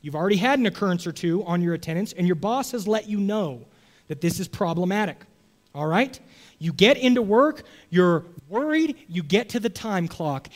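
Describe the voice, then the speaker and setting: High-voiced man preaching conversationally. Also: animated, moderate pace. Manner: conversational, checks in with "okay?" and "right?". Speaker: pastor. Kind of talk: sermon.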